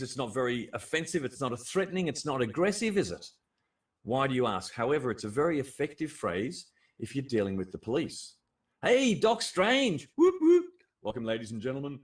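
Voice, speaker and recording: An Australian man hosting a casual livestream chat, blunt and animated, swearing freely and laughing often. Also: mid-range voice, far from the mic. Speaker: livestream host.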